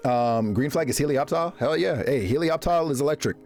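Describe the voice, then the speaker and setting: A man streaming live, chatting casually with his viewers and reacting to them in a jokey, animated way. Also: brisk, faint music behind. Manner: animated, jokey, reacting to chat with big pitch jumps and laughs.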